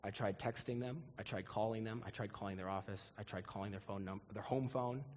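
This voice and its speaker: A man's voice: on the low side, fairly even intonation, a little fast, a little mellow. A man preaching a sermon as pastor, earnest and repetitive, acting out quoted prayers. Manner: earnest, repeats words, acts out quoted prayers. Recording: muffled audio with long hall reverb.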